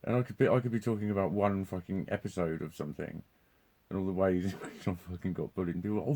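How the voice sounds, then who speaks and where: Male vlogger with a deep, warm voice, loose and profane, breaks into laughs. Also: animated, fast talker. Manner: swears constantly, laughs often, restarts sentences. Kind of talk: rambling live monologue.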